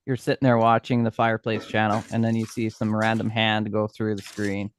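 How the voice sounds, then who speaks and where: A man's voice: fairly low pitch, level tone, fairly quick, slight background noise. A man who is a radio weatherman and panelist, playful and joining in on the jokes. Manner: playful, laughing along. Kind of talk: casual chat.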